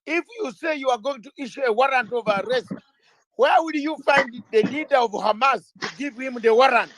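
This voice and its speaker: A man's voice: very high voice, moderate pace, background noise. A middle-aged man, a lawyer being interviewed, speaking in an impassioned way, firing rhetorical questions and repeating phrases for emphasis.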